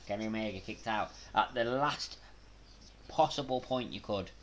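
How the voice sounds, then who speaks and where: A man from Manchester with a Mancunian accent, hosting a live watch-along stream, reacting with loud gasps and chatting casually with viewers. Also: fairly low pitch, moderate pace, slight background noise. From Manchester, England. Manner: excitable, bursts into loud gasps during big moves, casual with chat.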